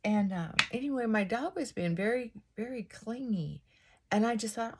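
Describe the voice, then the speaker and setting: A woman hosting a casual get-ready-with-me vlog, reflecting out loud and often asking rhetorical questions. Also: a little high, lively intonation, moderate pace, background noise. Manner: musing, asks many rhetorical questions; thinking aloud with frequent restarts and asides. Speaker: vlog host. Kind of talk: casual reflective monologue while getting ready.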